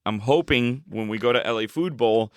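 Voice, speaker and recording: A man's voice: mid-range voice, normal speed, clean tone, dry recording. A man co-hosting a podcast, chatting casually with a rambling, joking manner. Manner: rambling, joking, lots of fillers and restarts. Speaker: podcast co-host. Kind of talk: casual chat.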